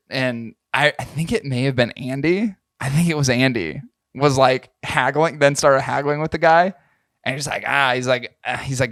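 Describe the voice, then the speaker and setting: A man's voice: mid-range voice, fairly quick, fairly bright tone, no echo, studio quality. Crude, joking man telling stories. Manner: crude, storytelling, laughs often. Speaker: podcast co-host. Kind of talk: casual chat.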